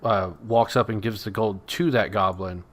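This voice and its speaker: Bright-voiced man running a tabletop game. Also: lowish voice, fairly even intonation, moderate pace. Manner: casual, laughing narration with fillers. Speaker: dungeon master.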